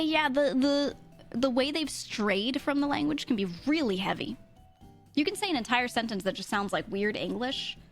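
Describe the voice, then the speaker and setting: A young woman streamer, chatting casually with chat, laughing often and swearing freely. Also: fairly high pitch. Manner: laughing, swearing, animated asides.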